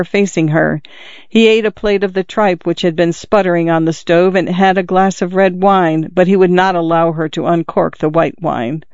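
A man reading a novel aloud as narrator, in steady, measured storytelling, in a dull lo-fi recording. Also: high voice, smooth, no echo. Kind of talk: audiobook narration.

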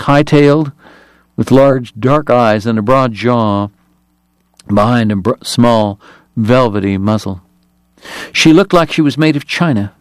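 A man reading an audiobook in a measured, even storytelling manner. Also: medium pitch, dry recording. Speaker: narrator. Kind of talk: audiobook narration.

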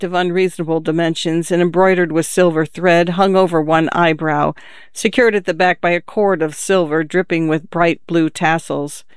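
A man narrating a story at a measured, even pace. His voice is fairly high and notably smooth and clear. It is recorded close and dry, with no room sound. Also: dry recording. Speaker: audiobook narrator. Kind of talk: scripted narration.

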